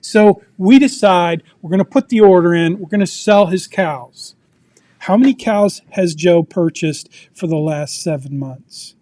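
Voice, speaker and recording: High-voiced man teaching finance with questions. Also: measured pace, dark tone. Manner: asks the audience questions, storytelling. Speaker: personal finance presenter. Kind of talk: interactive teaching talk. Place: video meeting.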